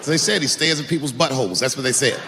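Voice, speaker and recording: A man performing live stand-up comedy, telling profane stories that swing into shouted rants. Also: mid-range voice, quick pace, big-room sound, over a noisy crowd, heavy background noise. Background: audience laughter.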